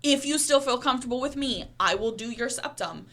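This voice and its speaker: Animated woman telling a piercing story. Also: high-pitched, fairly quick. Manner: animated storyteller acting out dialogue. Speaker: podcast co-host and body piercer. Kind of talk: casual chat.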